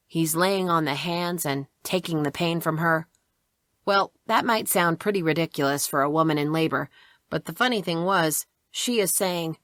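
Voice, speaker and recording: Low-pitched woman reading a memoir audiobook, plain storytelling, dry close sound. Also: normal speed, fairly bright tone, no room sound. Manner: plain storytelling with casual asides. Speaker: audiobook narrator. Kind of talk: first-person memoir narration.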